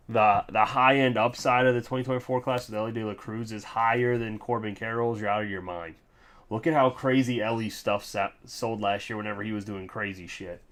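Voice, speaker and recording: A man hosting a trading card break, chatting casually, reading off names in quick lists with sarcastic ranting asides. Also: medium pitch. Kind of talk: casual livestream chat.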